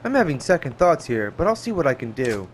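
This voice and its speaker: A man reading game subtitles aloud, voicing a gruff, blunt male yakuza in a lowered voice. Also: sing-song, fast talker, slight background noise. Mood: grumbling. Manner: blunt, grumbling.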